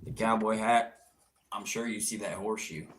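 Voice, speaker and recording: A man's voice: lowish voice, steady tone, moderate pace, a bit bright, slight background noise. A young man hosting an outdoors livestream, answering viewer comments in a brash, teasing, profane way with frequent laughter.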